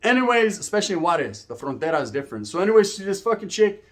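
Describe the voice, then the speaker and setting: A man's voice: high-pitched, big pitch swings, rapid-fire. A young man telling a personal story to camera in streetwise slang, full of profanity and "right?" tags. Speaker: YouTube storyteller.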